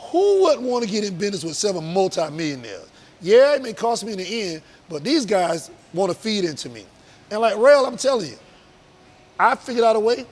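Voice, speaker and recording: A man's voice: high-pitched, big pitch swings, fairly quick. A man, a business owner talking earnestly and emphatically as an interview guest. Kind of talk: casual interview talk.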